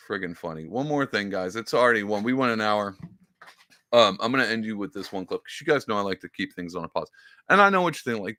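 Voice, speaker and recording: A man's voice: fairly low pitch, a little fast, no echo, clean studio sound. A man hosting a podcast, reacting to a clip in casual commentary with mocking impressions. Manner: animated, mocking impressions, lots of fillers. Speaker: podcast host.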